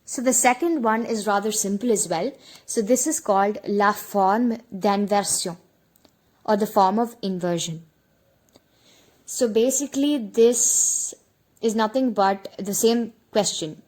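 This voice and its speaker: A woman's voice: mid-range voice, darkish tone. Woman teaching French basics online. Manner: explanatory, repeats examples slowly. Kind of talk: online language lesson.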